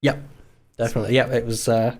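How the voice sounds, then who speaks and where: A man's voice: mid-range voice, level tone, fast talker, a little mellow. A man with an East Midlands English accent, chatting as a podcast guest in a laid-back way, laughing often and letting sentences trail off. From England. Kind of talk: casual chat.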